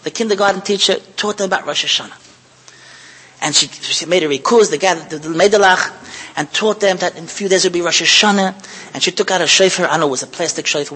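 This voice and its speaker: A middle-aged man giving a storytelling sermon as a rabbi, animated and acting out the voices in his stories. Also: high-pitched, slightly rough. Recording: reverberant hall.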